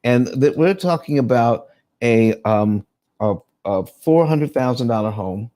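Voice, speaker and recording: A man's voice: mid-range voice, animated, measured pace, dark tone, dry recording. A man hosting a live online room on paying off mortgages, talking loosely with many restarts and greeting listeners by name. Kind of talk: casual live room hosting, explaining finance.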